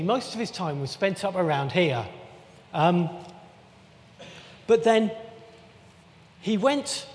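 High-voiced man preaching chattily. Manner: chatty, jokey asides, frequent restarts. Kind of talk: conversational sermon with a map. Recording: long reverb of a church hall.

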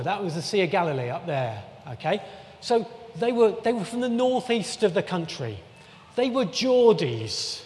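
A man giving a relaxed, conversational sermon with jokey asides, often restarting his sentences. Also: high-pitched. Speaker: preacher. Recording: long reverb of a church hall.

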